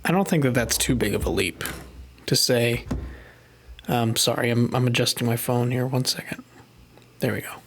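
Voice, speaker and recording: A man's voice: mid-range voice, moderate pace, pauses often. A man live-streaming a puzzle game, thinking aloud and muttering to himself as he works things out at his desk microphone. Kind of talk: casual live-stream commentary while gaming.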